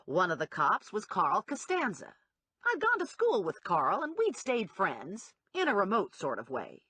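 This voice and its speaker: A woman reading a comic first-person novel aloud as an audiobook narrator, with a lively delivery. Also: medium pitch, measured pace, slightly rough, no echo. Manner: lively, wide-ranging delivery with acted character voices.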